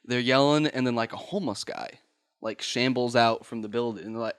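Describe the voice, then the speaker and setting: A man's voice: medium pitch, fairly even intonation, a little fast, fairly bright tone, clear, resonant tone. A man hosting a podcast, telling a story casually, rambling and laughing, swearing and acting out voices. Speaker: podcast host.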